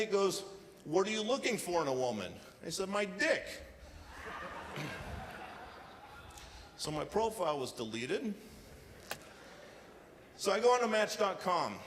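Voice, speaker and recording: A man performing a stand-up comedy set with deadpan storytelling and acted-out quotes, on a casino showroom stage. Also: high-pitched, slight background noise. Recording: live hall reverb with faint ambience.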